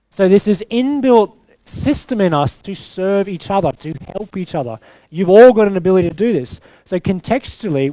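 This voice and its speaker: A man's voice: a little high, dark tone, dry recording. Punchy man coaching a room. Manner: punchy, repeats "okay?", swears for emphasis. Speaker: business coach. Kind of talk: bootcamp talk to a live audience.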